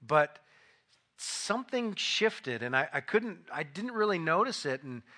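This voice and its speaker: A man preaching a sermon in a conversational storytelling way, now and then rising into loud, acted bursts. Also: a little high, sing-song, measured pace. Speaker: pastor. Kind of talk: sermon with personal anecdote.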